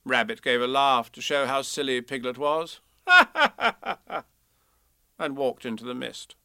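A man reading a children's storybook aloud in a playful, expressive way. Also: medium pitch, normal speed, smooth, dry recording, studio quality.

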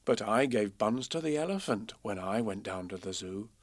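A man's voice: fairly low pitch, dry recording. Man reading children's verse, very dry sound. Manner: measured, expressive reading. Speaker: narrator.

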